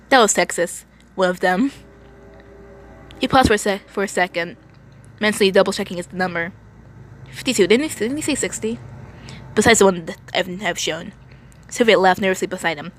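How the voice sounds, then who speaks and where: A woman's voice: mid-range voice, moderate pace, long pauses, fairly bright tone. Young woman, casual story reading at home, stumbles, laughing asides. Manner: stumbles, laughs and comments on the text. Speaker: reader of fan fiction. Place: home, indoors.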